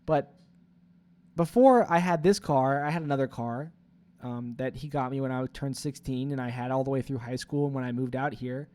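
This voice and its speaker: A man's voice: mid-range voice, normal speed, a little mellow. A young man in his twenties, rambling through a profane, confessional vlog monologue full of "like" fillers. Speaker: vlogger.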